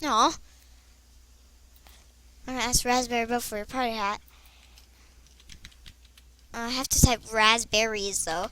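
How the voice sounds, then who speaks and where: A young girl chatting to herself as she plays an online game, excitable and rambling. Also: fairly high pitch, measured pace, pauses often. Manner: chatty, excitable, talks to herself while playing. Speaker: gameplay vlogger. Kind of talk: casual commentary over online game play.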